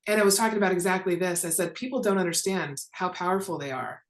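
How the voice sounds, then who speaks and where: A woman's voice: lowish voice, fast, roomy sound. A woman hosting a podcast, enthusiastic and supportive, agreeing often with her guest. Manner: supportive, enthusiastic, with frequent affirmations. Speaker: podcast host. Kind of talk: casual podcast interview.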